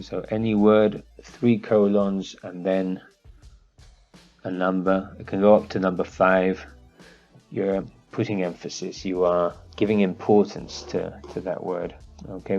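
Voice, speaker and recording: Slow, gravelly male instructor. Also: deep voice, muffled recording. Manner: relaxed, thinking aloud with fillers. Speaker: architecture course instructor. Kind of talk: screen-share software tutorial.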